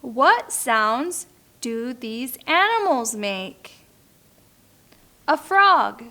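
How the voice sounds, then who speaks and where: A woman teacher reading a picture book aloud slowly and clearly for beginner learners, now and then making playful animal sounds. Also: sits high, very animated, bright, forceful tone.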